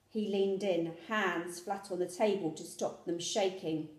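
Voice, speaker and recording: A woman's voice: fairly low pitch, fairly even intonation, unhurried, hardly any pauses. Woman reading a story in an echoey room. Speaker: reader. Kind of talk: storybook narration.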